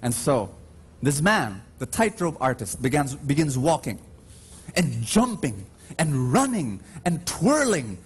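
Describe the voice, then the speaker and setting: This man preaching at Mass has a husky mid-range voice and is very animated. In the large church he calls emphatically to the congregation, who call back, and draws out his stories slowly, rising dramatically.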